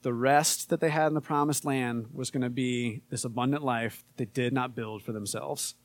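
A man preaching a casual sermon, relaxed and conversational with frequent fillers, and more emphatic when he reads scripture. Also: mid-range voice, normal speed, no room sound. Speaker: pastor.

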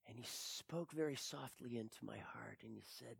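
A man performing a dramatic first-person monologue, swinging between hushed whispers and anguished cries. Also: mid-range voice, moderate pace, vocal fry, few pauses, husky, no echo. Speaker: storyteller.

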